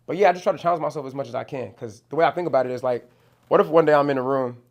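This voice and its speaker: A young rapper from New Jersey, appearing as an interview guest, talks very fast in a mid-range voice. He's casual and slangy, swears a lot, and leans on "you know what I'm saying" over and over.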